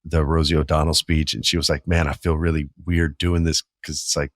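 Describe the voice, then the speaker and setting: A man in his forties hosting a podcast, telling a profane story with animated delivery and acting out the voices in the exchanges he remembers. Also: very deep voice, fairly quick, no echo, studio quality. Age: 40s. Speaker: podcast host. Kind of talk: casual storytelling monologue.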